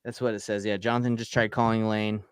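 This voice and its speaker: Laid-back man with a smooth low voice. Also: little pitch movement, fast talker, no echo, studio quality. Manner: laid-back, chuckling, casual slang. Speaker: co-host feeding leads. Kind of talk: casual chat.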